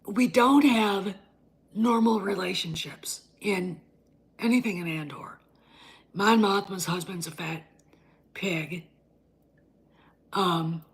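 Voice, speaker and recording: A woman's voice: mid-range voice, slightly rough. A woman hosting her own show, ranting bluntly and combatively, often swearing and restarting her sentences. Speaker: host. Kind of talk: opinion rant.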